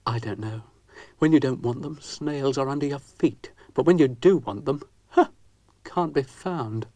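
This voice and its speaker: A man's voice: medium pitch, unhurried, mellow, pitched above the performer's own voice. A man voicing a grumpy, sardonic male dog who grumbles dry, weary quips. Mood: exasperated.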